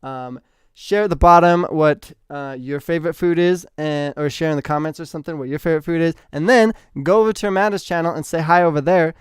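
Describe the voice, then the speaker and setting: Chatty male streamer host, casual talk to his viewers, smooth, resonant voice, slightly high. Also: brisk, no echo, studio quality. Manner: chatty, animated, reads out and answers comments. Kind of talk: casual livestream chat with viewers.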